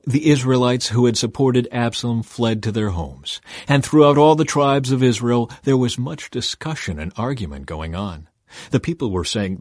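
A man's voice: mid-range voice, darkish tone, dry recording. Man reading scripture aloud, dry. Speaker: scripture reader.

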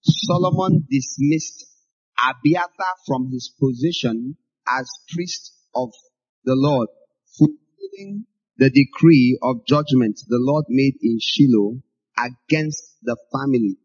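A man preaching a Bible-teaching sermon in an emphatic, scolding way, his voice jumping up in pitch and volume to drive points home. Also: slow, darkish tone, slightly rough. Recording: dull lo-fi recording.

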